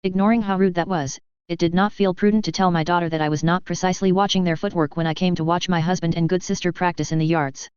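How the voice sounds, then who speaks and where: Woman narrator, first-person story, even measured reading, very smooth voice, dry lo-fi recording. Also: lowish voice, no echo. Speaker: audiobook reader.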